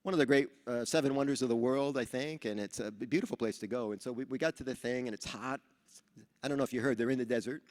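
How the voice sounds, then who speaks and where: A mid-range male voice moves fast through a motivational speech built on stories, delivered by a Rotary speaker at a training seminar. He's an animated storyteller who acts out dialogue, and the large event hall gives the recording a reverberant sound.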